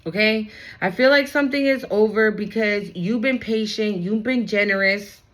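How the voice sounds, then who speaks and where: At a medium pitch and moderate pace, a woman delivers a chatty, animated tarot reading to her audience. She swears often and frequently asks "right?" or "okay?" to check in.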